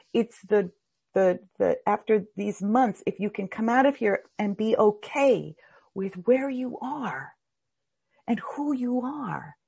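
A woman's voice: medium pitch, vocal fry, a little mellow, husky, muffled recording. A woman teaching a spiritual class in a heartfelt, rambling, emphatic way. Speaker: meditation teacher.

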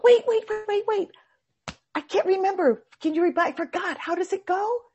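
A woman's voice: normal speed, a little mellow, slight background noise. A woman voicing a frantic, forgetful male monk who pleads urgently to be reminded of something. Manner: breathless, high and urgent.

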